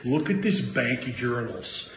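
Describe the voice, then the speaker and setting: A man's voice: mid-range voice, expressive, normal speed, pitched below the performer's own voice, lightly acted. A man from Chicago putting on an exaggerated Chicago accent to play a brash guy touring a public bathroom, speaking in emphatic tour-guide patter. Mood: enthusiastic. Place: park district field house bathroom. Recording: echoey tiled room with noise.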